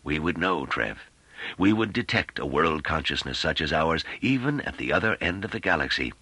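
A man voicing a calm, wise older man who speaks in a slow, measured, almost hypnotic way. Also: extremely low pitch, slightly rough, no room sound, exaggerated voice. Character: calm, wise elderly man, patient teacher.

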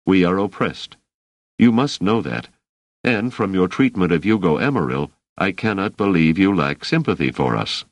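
A man's voice: low-pitched, lively intonation, moderate pace, dry recording. A man reading an audiobook and voicing a weary, bitter male rebel leader who argues in an earnest, urgent way.

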